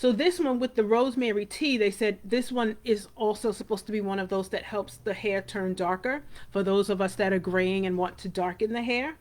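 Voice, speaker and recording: A middle-aged woman hosting a hair care show, talking in a chatty, rambling way and calling viewers by name. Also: medium pitch. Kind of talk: casual live talk to viewers.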